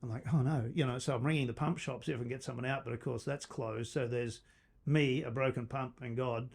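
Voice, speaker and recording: A middle-aged company founder tells a long personal story on a podcast in a creaky, mid-range voice at a fairly quick clip. He's an animated storyteller who laughs often and acts out what the people in the story said.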